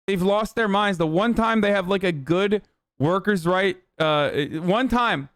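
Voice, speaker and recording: A man's voice: high voice, unhurried, a bit bright, clear, resonant tone, no echo, clean studio sound. A male streamer giving casual, sarcastic and profane commentary on the news.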